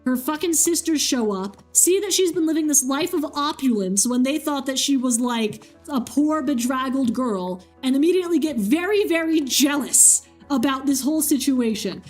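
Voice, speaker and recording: A woman streamer casually retelling a myth, animated and swearing freely. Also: high voice, normal speed, hardly any pauses, soft background music. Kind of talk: casual storytelling.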